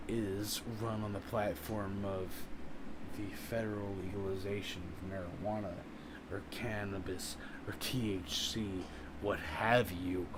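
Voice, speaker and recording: A man chatting casually on a live stream, reading viewer comments in a rambling, profane, animated way. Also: fairly low pitch, noisy background. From United States.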